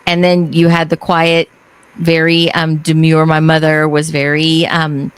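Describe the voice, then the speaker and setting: Her voice sits low, clear and resonant, and she speaks unhurriedly: a middle-aged woman from Texas hosting a casual interview podcast. She's an animated storyteller who acts out the quotes in her stories.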